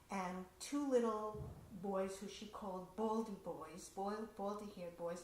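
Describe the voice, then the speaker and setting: A woman storyteller telling a personal family story in a conversational, animated way. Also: medium pitch, a little hiss or hum. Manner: conversational, animated, laughs often. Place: community center hall. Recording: roomy hall echo, faint ambience.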